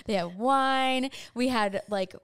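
Young woman, casual chat host, laughs a lot, crisp resonant voice, dry sound. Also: fairly high pitch, takes it slowly, no room sound. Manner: chatty, laughs often.

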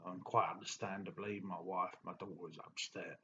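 A man telling his own story in a blunt, plain-spoken diary monologue, halting with many fillers. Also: deep voice, little pitch movement, bright, forceful tone, muffled recording, slight background noise. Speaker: diary vlogger.

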